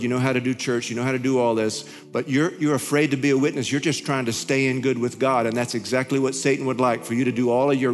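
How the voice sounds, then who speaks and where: A male pastor telling a story in his sermon, animated, his voice climbing high when he gets excited. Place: large church hall. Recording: hall reverb with faint music.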